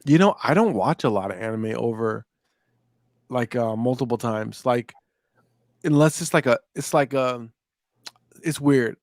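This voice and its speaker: A man's voice: mid-range voice, animated, unhurried, pauses often, no echo, clean studio sound. A young man co-hosting a casual chat podcast, talking in a laid-back, rambling way with lots of fillers and restarts. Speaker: podcast co-host.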